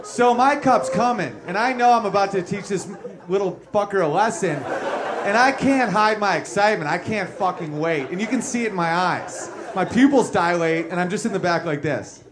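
A man's voice: high voice, animated, moderate pace. A man in his thirties doing a crude, boastful stand-up set, acting out the characters in his story. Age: 30s. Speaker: stand-up comedian. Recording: noisy live room with crowd laughter.

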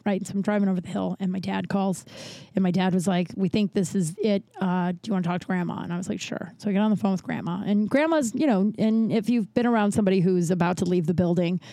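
Chatty, swearing woman storyteller with a mellow voice. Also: mid-range voice, no room sound. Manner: chatty, swears freely, acts out quoted voices. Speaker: podcast host. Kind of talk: casual storytelling monologue.

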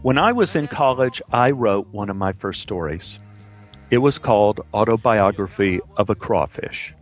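A man telling a personal story as a monologue, with wry, dry humor and an unhurried manner. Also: fairly low pitch, animated, faint music behind.

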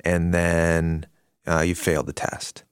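Deep-voiced man musing in a discussion. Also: little pitch movement, takes it slowly, clean tone, no room sound, studio quality. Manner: thoughtful, sums up ideas with short agreeing murmurs. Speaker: podcast co-host. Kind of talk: casual conversational Bible discussion.

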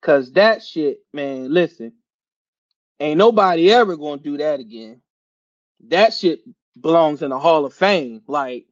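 A man's voice: a little high, measured pace, dry recording, lo-fi sound. A man hosting a podcast, ranting casually about his team with slang, swearing and laughter. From Philadelphia area. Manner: animated, laughing, slangy and profane. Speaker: podcast host. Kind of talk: casual sports rant.

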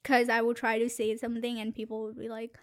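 Young woman telling a halting story. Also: a little high, monotone. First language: not English. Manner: storytelling with many fillers and restarts. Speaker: podcast guest. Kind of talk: casual chat. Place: small studio booth.

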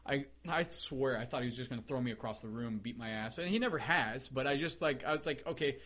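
A man guest on a podcast, telling a story in a casual, animated way, acting out quotes and laughing often. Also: medium pitch, fast. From United States. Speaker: podcast guest, race car builder.

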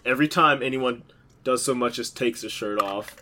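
A man's voice: medium pitch, normal speed, bright, forceful tone. Rambling joking man on a podcast. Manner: joking, rambling storyteller with lots of fillers. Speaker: podcast co-host. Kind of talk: casual chat.

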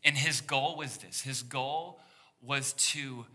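Slow and sharp-toned with a mid-range voice, a man preaches as pastor in a church sanctuary. He keeps it conversational, voicing the quoted words of the biblical characters he describes.

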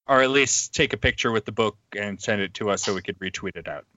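A man hosting a podcast in casual chat, speaking hesitantly with many pauses and restarts. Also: fairly low pitch, bright, forceful tone, dry recording, dull audio. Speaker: podcast host.

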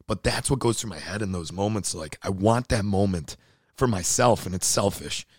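A man in his thirties with a hoarse, worn-out voice, talking in a casual, earnest and emotional way and swearing freely. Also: fairly low pitch, moderate pace, no echo, clean studio sound. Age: 30s. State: hoarse, voice nearly gone. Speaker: podcast co-host, CrossFit athlete. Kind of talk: casual chat.

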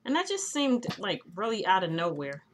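Woman, podcast co-host, casual recap, animated retelling, mid pitch. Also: normal speed, a little hiss or hum. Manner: chatty, animated retelling with quoted voices. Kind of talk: casual chat.

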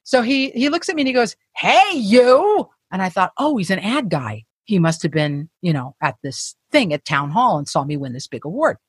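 Husky woman telling candid stories. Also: on the low side, a little fast, few pauses, no room sound, clean studio sound. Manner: profane, self-deprecating, animated anecdotes. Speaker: guest. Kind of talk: candid storytelling in conversation.

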